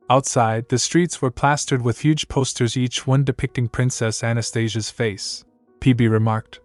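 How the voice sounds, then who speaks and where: A man's voice: mid-range voice, fairly even intonation, unhurried, no echo, soft background music. Man narrating a story recap.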